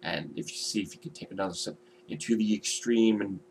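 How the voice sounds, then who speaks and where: Rambling, gravelly man with frequent fillers. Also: lowish voice, fairly quick, a little mellow, a little hiss or hum. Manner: rambling, profane, frequent "you know" fillers. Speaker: vlogger. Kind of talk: casual video vlog.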